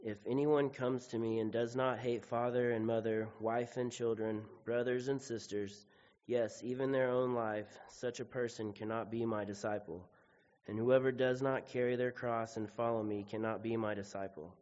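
A man reads a scripture passage aloud in a steady, measured delivery, with very little rise and fall in his pitch. His voice is at a middle pitch for a man. The sound is muffled and carries a long reverb. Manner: steady, even reading. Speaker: scripture reader. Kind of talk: scripture reading.

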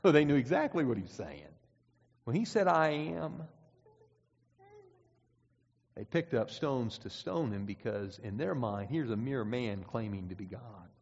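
A man's voice: medium pitch, sing-song, moderate pace, darkish tone, breathy edge. A man preaching a sermon, reading scripture aloud and pressing his points with emphatic, rising and falling delivery. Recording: dull sound with long hall reverb.

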